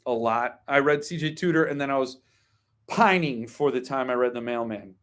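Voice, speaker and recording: A man with a slightly bright, medium-pitched voice hosts a casual book live-stream at a moderate pace. Chatty and opinionated, he digresses with ums and asides and drifts into wry, grumbling rants.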